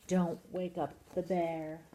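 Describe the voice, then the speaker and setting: A woman voicing a gentle female hare in whispered role-play, speaking in a soft, breathy hush. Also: fairly low pitch, flat delivery, takes it slowly, a little hiss or hum.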